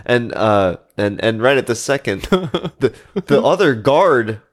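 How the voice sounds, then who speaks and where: A man improvising a comic story, halting with many restarts and filler words. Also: mid-range voice, very animated.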